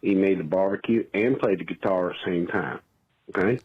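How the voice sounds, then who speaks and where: A man on a voicemail voicing a dim, drawling country yokel with a husky voice. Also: low voice, fairly quick. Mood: goofy. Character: slack-jawed male country yokel. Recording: muffled phone voicemail.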